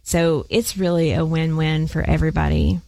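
A woman's voice: sits low, expressive, normal speed, dark tone, dry recording. A woman guest in an interview, talking upbeat and enthusiastically about her organization's fundraisers. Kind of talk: casual interview chat.

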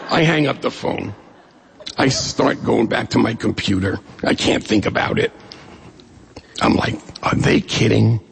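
A middle-aged man from New York State telling a humorous personal story to an audience in an animated way. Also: medium pitch, measured pace, gravelly, pauses often, long reverb tail, a little hiss or hum.

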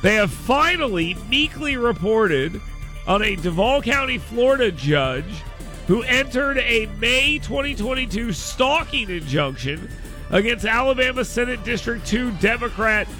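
A man hosting a talk radio show, delivering a sarcastic, mocking monologue that swings from mutters to loud outbursts. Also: very high-pitched, sing-song, measured pace, soft background music.

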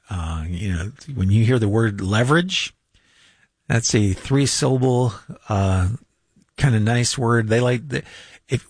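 Husky older man hosting finance radio. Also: on the low side, no room sound. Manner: rambling, chuckles, many fillers and restarts. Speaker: radio finance show host. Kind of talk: casual unscripted radio talk. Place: radio studio.

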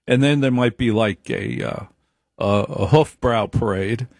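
A man's voice: lowish voice, sing-song, unhurried, gravelly, no echo. A man giving an opinionated monologue, emphatic, repeating his points and wandering into asides.

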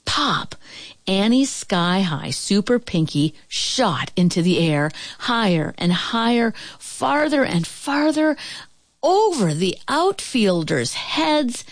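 Woman storyteller, children's book reading, expressive, slow, dry close mic. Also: medium pitch, no room sound. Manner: expressive, rising and falling with the action.

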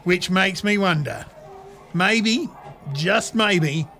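An actor playing the narrator Darren, telling the story in a dry, wry way. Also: male voice, sits high, extremely slow, sharp tone, soft background music, heavily acted.

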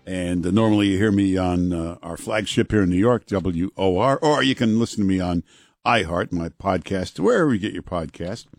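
A middle-aged male talk radio host with a somewhat low voice. He chats loosely, with frequent fillers. The studio sound is dry and close. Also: normal speed, a little mellow, no echo. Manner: casual, conversational, many fillers. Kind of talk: talk radio chat and ad reads.

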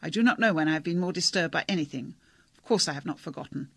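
A man's voice: fairly high pitch, fast, fairly bright tone, no room sound. A man voicing a stern, pompous older male doctor who speaks in a declamatory, speechifying way.

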